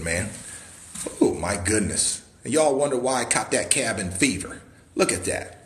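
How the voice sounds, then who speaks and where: Male livestream host selling cabins; hyped showman energy, whoops and catchphrases, lively swooping delivery, bright forceful tone. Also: mid-range voice. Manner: whooping and drawling "baby" asides. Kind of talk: live walkthrough sales stream.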